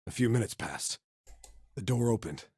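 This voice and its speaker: A man's voice: medium pitch, lively intonation, moderate pace, heavy background noise. A man streaming and reading a visual novel aloud in plain narration. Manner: plain narration, swearing in asides.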